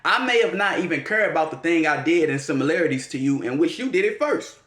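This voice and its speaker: Man, slangy and profane astrology vlogger, slightly high voice, roomy echo. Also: expressive, fast, a bit bright. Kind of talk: casual monologue.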